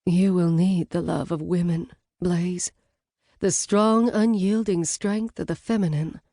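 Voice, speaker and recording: A woman's voice: fairly low pitch, slow, dark tone, no echo, clean studio sound. A woman putting on a sultry scheming seductress. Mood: ominous.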